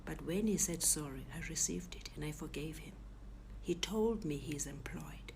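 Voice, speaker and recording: A middle-aged South African woman recounting a personal ordeal as an interview guest, speaking softly and often near a whisper. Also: sits low, moderate pace, vocal fry, a little hiss or hum. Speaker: guest telling her story. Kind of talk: emotional personal testimony.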